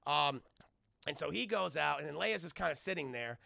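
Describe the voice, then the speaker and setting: A male streamer gives a casual, profane film breakdown, talking straight to his chat. His voice sits high and is heavily gravelly, with a bright, forward tone. The sound is dry and close. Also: normal speed, no room sound. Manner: animated, profane, addresses chat.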